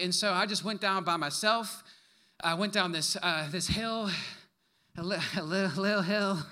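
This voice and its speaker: High, bright-voiced young man preaching. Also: smooth. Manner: animated storytelling with laughs and quick asides. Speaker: pastor. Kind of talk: sermon.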